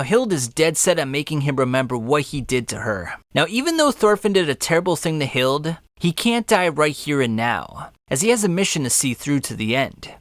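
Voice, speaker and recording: A man's voice: a little high, no echo. A man narrating a manga recap in a casual scripted style, throwing in joking asides. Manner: lively storytelling with joking asides.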